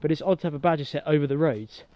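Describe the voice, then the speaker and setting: A man's voice: on the high side, racing, no room sound, lo-fi sound. Chatty man on an outdoor walk. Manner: chatty, laughs often, excitable with the dog. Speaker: outdoor vlogger. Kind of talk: casual vlog chat while walking. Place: outdoors in a park and golf course.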